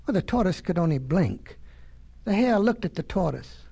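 Husky, folksy storyteller. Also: medium pitch, sing-song, normal speed, mellow. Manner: folksy, chatty asides.

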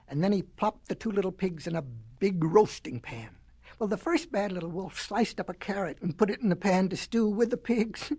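Animated woman reading a storybook aloud. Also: medium pitch. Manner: animated, expressive, folksy.

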